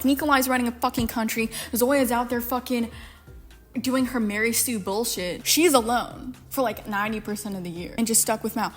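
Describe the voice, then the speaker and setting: A woman's voice: on the high side, moderate pace, soft background music. A young woman giving a sarcastic, exasperated, profane rant about a book. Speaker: book commentary vlogger. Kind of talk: ranting book commentary.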